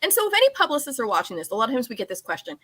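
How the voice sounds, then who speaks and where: A woman hosting a podcast over a video call from home, chatting playfully and telling animated stories. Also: fairly high pitch, racing. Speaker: podcast host. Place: home room with a room divider behind.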